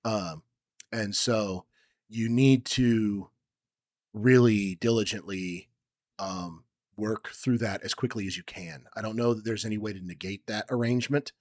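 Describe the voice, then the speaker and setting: A young man with a lowish voice tells a story on a podcast, rambling and full of ums. He jumps into loud quoted lines now and then. The sound is dry and close. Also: unhurried, no room sound. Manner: rambling, many ums, acts out quotes loudly. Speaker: podcast co-host. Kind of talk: casual chat, personal story.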